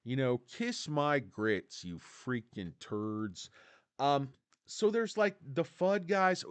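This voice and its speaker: A man's voice: mid-range voice, takes it slowly, smooth, no echo. A man hosting a casual stock livestream, ranting sarcastically about analysts and reading chat names. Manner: animated, sarcastic, mocks analysts with put-on voices. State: tired. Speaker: stock commentary livestream host.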